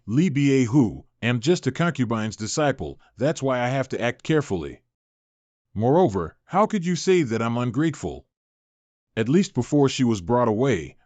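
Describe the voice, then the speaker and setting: A man voicing an arrogant, mocking male clan bully in a manhwa recap, read in a flat, even way. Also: mid-range voice, no room sound, natural voice.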